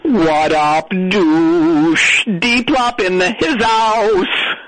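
A man doing a loud slangy office dude calling in. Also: high voice, very slow, no echo, heavily acted, poor audio. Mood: brash. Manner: loud, slangy, fumbling for words. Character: brash young male coworker desperate to sound current. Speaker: caller.

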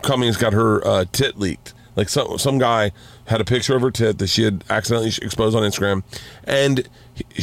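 A man guesting on a podcast, telling funny stories in a loose, animated way with frequent restarts and repeated words. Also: on the low side. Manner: animated storyteller with many restarts. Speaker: guest comedian. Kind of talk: casual podcast chat.

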